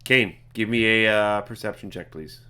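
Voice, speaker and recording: A man narrating as game master of a tabletop game, talking in halting bursts full of fillers. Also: fairly low pitch, pushed and bright, clean tone. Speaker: dungeon master.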